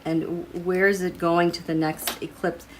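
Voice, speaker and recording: A woman's voice: fairly low pitch, level tone, moderate pace, a little hiss or hum. A woman giving a casual tarot and astrology reading to her viewers, musing aloud as she turns over cards. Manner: musing, thinking aloud while drawing cards.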